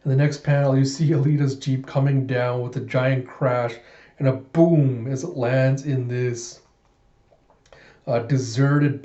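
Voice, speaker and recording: A man narrating a comic book readthrough in a casual, animated way, slipping into quick voices for the characters. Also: mid-range voice, roomy sound, muffled recording.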